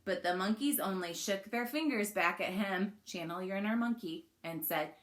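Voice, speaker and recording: This woman speaks at a medium pitch and a moderate pace as she reads a picture book to children. She keeps prompting the little ones to take part, asking questions and suggesting actions.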